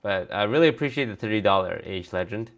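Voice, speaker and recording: In a loose, casual stream, a man with a low, gravelly voice reviews cards, reading their text aloud and tossing offhand replies to viewers in between. He talks fast and expressively.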